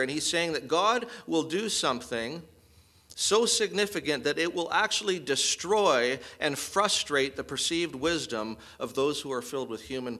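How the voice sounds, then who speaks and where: A man's voice: fairly high pitch, a bit bright. Earnest male pastor preaching. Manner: earnest, emphatic, rhetorical questions. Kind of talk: expository sermon.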